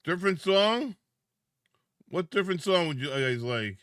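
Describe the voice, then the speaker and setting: Sleepy male streamer, slow lively delivery, bright dry voice. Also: high-pitched, no echo. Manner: chatty, greets viewers by name, drawn-out words. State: sleepy, yawning. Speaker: live streamer. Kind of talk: casual live-stream chat.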